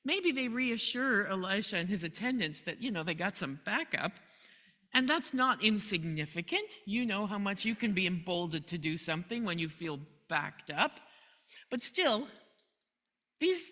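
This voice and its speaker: A woman's voice: a little high, pushed and bright. A woman pastor preaching a sermon, retelling a Bible story in a chatty, conversational way and chuckling often. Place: church. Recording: long hall reverb.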